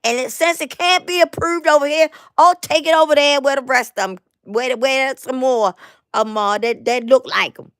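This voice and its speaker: A woman, hosting a live online show and ranting emphatically to viewers, repeating herself and stumbling on restarts, tired and going hoarse. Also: sits high, normal speed, a bit bright, dry recording, clean studio sound. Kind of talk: impassioned live rant to viewers.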